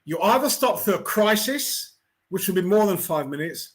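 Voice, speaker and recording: A middle-aged man from England hosting a weekly online talk, speaking in a reflective, unhurried, conversational way with many fillers and restarts. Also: high-pitched, animated. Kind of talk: reflective pastoral talk to camera.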